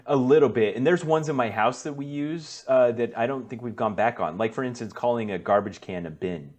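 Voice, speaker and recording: A man co-hosting a podcast in casual chat, easygoing and quick to laugh. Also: medium pitch, a little mellow. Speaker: podcast co-host.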